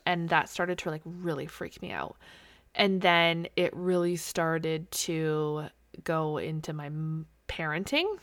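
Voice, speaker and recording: Woman, 30s, podcast host, candid and open, lowish voice, dry close sound. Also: moderate pace, no echo. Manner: candid, open, casually swears. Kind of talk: solo personal podcast talk.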